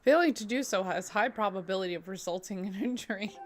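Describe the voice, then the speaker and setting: A woman reading aloud the lines of a calm, precise female sword spirit from a game, in an even, formal way. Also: mid-range voice, fast talker, lightly acted.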